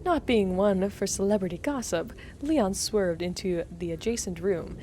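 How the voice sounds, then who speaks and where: A woman's voice: mid-range voice, moderate pace, mellow, a little hiss or hum. A woman streamer reading game text aloud in a let's play, wry and chatty, often breaking into giggles. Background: game music.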